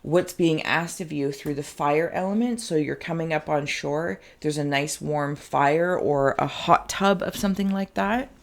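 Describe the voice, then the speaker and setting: A woman's voice: sits low, measured pace, hardly any pauses. A woman giving an intuitive card reading, meandering and searching for words, her throat phlegmy. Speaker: tarot card reader.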